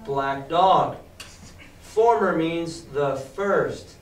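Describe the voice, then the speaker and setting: A male teacher reading a novel aloud to a class and explaining it in a lively, emphatic way. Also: on the high side, extremely slow. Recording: echoey classroom from far off.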